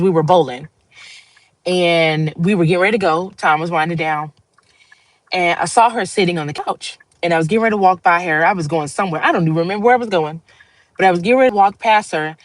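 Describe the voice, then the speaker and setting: A woman's voice: on the low side, no echo, low-quality recording. A woman hosting a livestream, talking to viewers in a casual, heartfelt monologue. She rambles earnestly and laughs often. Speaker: livestream host.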